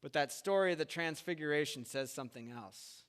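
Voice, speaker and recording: A man with a slightly high voice preaches a sermon in a church hall with long reverb. He talks in a casual, conversational way and acts out the voices of the people in his stories. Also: brisk, smooth. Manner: conversational, animated retellings with acted quotes. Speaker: pastor. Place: church sanctuary.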